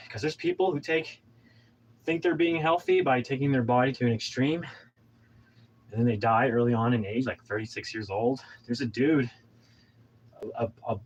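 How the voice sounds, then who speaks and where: A man's voice: mid-range voice, a little mellow, muffled recording, a little hiss or hum. A man in his thirties, out of breath from exercising, giving a pumped-up, rambling motivational talk. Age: 30s. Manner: pumped-up, preachy, rambling with restarts. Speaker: vlogger.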